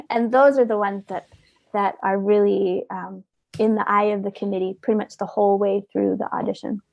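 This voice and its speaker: A woman's voice: mid-range voice, steady tone, normal speed, gravelly, no echo, lo-fi sound. A woman guest on an interview, talking casually and earnestly, often repeating words as she gathers her thoughts. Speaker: orchestra oboist, interview guest.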